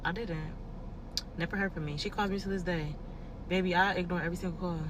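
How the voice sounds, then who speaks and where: A woman's voice: on the low side, fast talker. Sassy woman telling a story over noise. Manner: animated, sassy, dismissive. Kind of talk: casual storytime. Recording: noisy clip with clear background noise.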